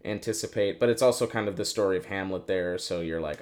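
A man with a fairly low voice co-hosts a casual film podcast. He rambles, restarts his sentences and swears when something excites him. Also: fast. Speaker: podcast co-host. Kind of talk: casual film review chat.

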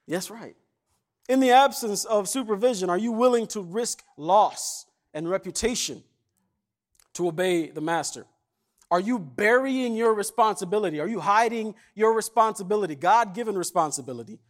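A man's voice: high-pitched, lively intonation, moderate pace. A man preaching a sermon as pastor, retelling a parable in a casual conversational way and acting out the characters' lines. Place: church.

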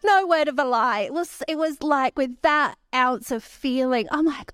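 A woman, preaching a sermon and telling stories with animated quoted voices. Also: on the high side, moderate pace, smooth, no echo, clean studio sound.

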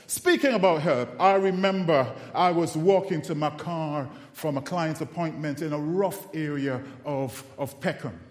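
Brief: man preacher, slightly high voice, unhurried storytelling, long hall reverb. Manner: storytelling, animated and self-mocking. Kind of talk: sermon with humorous personal stories.

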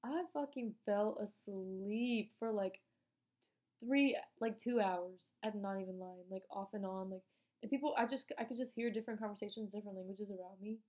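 A woman's voice: medium pitch, moderate pace, poor audio. A woman in her late teens telling a travel story in a casual, profane, slangy way, acting out the dialogue as she goes. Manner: animated, acts out dialogue. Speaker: vlogger.

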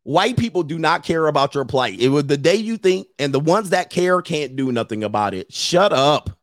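A man's voice: fairly high pitch, lively intonation, normal speed, no room sound, studio quality. A man, scolding and mocking in a ranting commentary monologue, laughing often. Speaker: commentary host.

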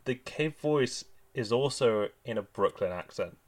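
A man's voice: mid-range voice, animated, unhurried. A man co-hosting a podcast, speaking in a hesitant, wry, questioning way. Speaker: podcast co-host. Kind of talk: casual comedic chat.

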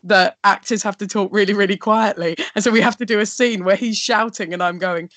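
A woman's voice: medium pitch, fairly even intonation, fairly quick, fairly bright tone, no echo. A woman hosting a video-call chat show, talking in an enthusiastic, gushing way. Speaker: host.

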